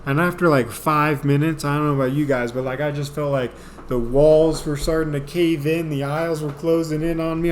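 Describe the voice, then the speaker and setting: A man's voice: fairly high pitch, fairly even intonation, brisk, slight background noise. A man telling a funny personal story to viewers in a rambling, self-deprecating way, often calling them folks. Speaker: storyteller vlogger. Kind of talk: casual comedic storytelling.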